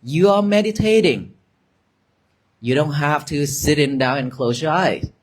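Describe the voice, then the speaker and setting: Slow, gentle monk guiding meditation. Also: male voice, on the high side. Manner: slow, gentle, repetitive guiding cues, soft at times. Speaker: Buddhist monk teaching meditation. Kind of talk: dharma talk with guided meditation. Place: monastery gathering with an audience.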